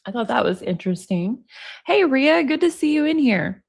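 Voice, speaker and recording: Reading viewer comments aloud amid frequent laughs, an American woman in her forties hosts a casual live-stream. Her high voice is very animated, husky, with vocal fry, at a normal speed.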